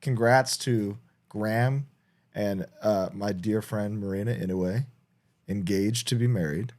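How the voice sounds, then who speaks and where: A man co-hosting a podcast in casual chat, telling stories with lots of swearing and quick restarts. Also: fairly low pitch. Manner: animated storytelling, heavy swearing, frequent restarts. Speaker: podcast co-host.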